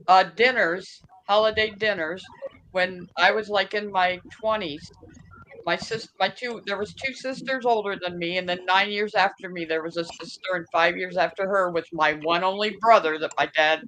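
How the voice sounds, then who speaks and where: A woman's voice: mid-range voice, normal speed, fairly bright tone, slight background noise, rough recording. A woman, telling frank, profane stories as an interview guest. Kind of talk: casual storytelling.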